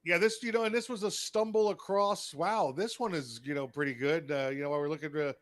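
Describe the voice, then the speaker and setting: A man's voice: a little high, fairly even intonation, fairly quick. A man co-hosting a casual political podcast, often chiming in with short agreements. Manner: frequent short agreeing interjections. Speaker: podcast co-host.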